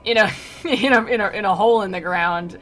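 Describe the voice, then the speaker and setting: A woman paraphrasing a corrupt old male pope stuck head down in hell, complaining in slang in a higher, louder voice. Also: brisk, a little hiss or hum, close to an everyday voice. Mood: exasperated.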